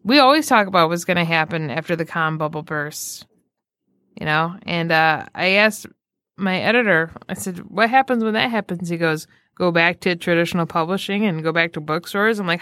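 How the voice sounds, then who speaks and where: A woman co-hosting a podcast in casual chat, telling animated stories and quoting people as she goes. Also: fairly low pitch, normal speed, no echo, studio quality. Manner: animated storyteller, quotes people. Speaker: podcast co-host.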